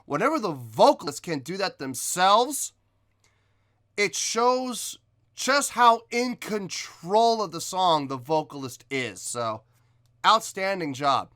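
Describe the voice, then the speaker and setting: A man's voice: high voice, expressive, slow, pushed and bright, no echo, studio quality. A man hosting a music reaction video, explaining vocal technique in analytical commentary and sometimes scatting rhythms to show his point.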